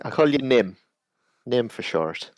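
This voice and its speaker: A man's voice: mid-range voice, expressive, unhurried, dry recording. A man playing a tabletop role-playing game, speaking in a hesitant, stammering way. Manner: hesitant, stammering, laughing often. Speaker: player. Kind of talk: casual tabletop role-play.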